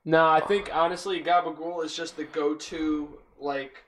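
A young, mid-pitched speaker trades loud jokes and curses during a casual drinking game. The talk is animated and rough-edged, with faint noise behind it. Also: moderate pace. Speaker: contestant guessing words.

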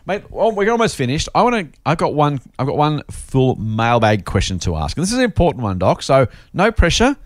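A man's voice: a little high, fairly quick, hardly any pauses, no room sound, clean studio sound. A man hosting a casual finance podcast, joking and reading listener mail aloud. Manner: jokey, animated, reads listener mail aloud. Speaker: podcast host.

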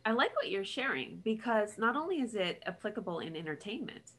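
A woman's voice: mid-range voice, big pitch swings, brisk, fairly bright tone. A woman hosting an interview and responding to her guest with short, encouraging remarks. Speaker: podcast host. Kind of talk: interview chat.

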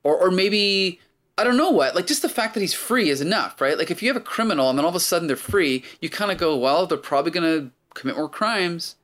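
A man's voice: high-pitched, lively intonation, fast talker, fairly bright tone. A man hosting a casual chat, rambling and thinking aloud with many restarts.

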